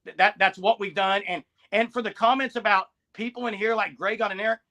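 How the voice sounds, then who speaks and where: Man, sports podcast host, casual live-stream talk, insistent, repeats words, sharp high voice. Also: steady tone, fairly quick.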